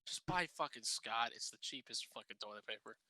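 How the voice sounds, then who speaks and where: Bright, joking, foul-mouthed man. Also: medium pitch, lively intonation, brisk. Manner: profane, joking storyteller who acts out quotes. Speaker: podcast co-host. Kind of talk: casual chat.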